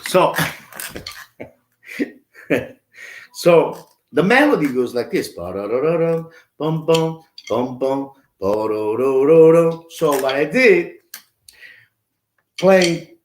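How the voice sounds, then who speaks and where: Animated man teaching drums. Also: fairly high pitch, takes it slowly, pauses often. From Italy. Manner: chatty, sings drum patterns aloud, greets viewers. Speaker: drum teacher. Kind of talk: live-streamed drum lesson. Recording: echoey room with faint noise.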